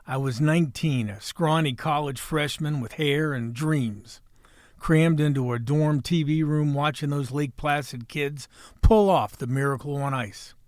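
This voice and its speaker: A man in his sixties hosting a podcast, delivering a folksy, wisecracking monologue with salty language and a hoarse voice. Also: fairly high pitch, measured pace, a little mellow, dry recording, clean studio sound. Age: 60s. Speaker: podcast host. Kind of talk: opening monologue and casual chat.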